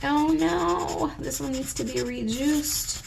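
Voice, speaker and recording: A woman's voice: high voice, slow, gravelly, background noise. A young woman chatting playfully and theatrically to her viewers while she colors. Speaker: coloring channel host. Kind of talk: casual chatty coloring vlog.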